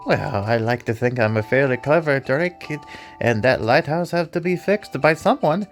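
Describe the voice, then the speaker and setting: A spry, jolly old archaeologist with a Scottish lilt, put on by a man reading game lines. He talks heartily and chattily, his pitch bouncing up and down, with faint music playing behind him. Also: animated, moderate pace, natural voice. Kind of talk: reading game dialogue in voices.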